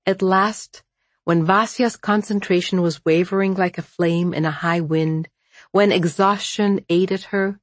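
A woman reading a novel aloud in scripted audiobook narration, slow and measured, with a lowish voice. Recorded close and dry, with no room sound. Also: dry recording.

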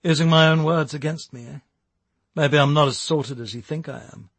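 A man's voice: fairly high pitch, moderate pace, a bit bright, no room sound, voice pushed up. A man reading the lines of a jaded, self-mocking man in a storybook, wry and bitter.

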